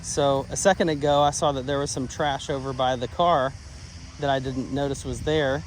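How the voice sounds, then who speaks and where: A man working as a dog trainer outdoors beside a car. He gives an upbeat training demonstration and praises the dogs in a high sing-song voice. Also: fairly even intonation, normal speed, a little hiss or hum.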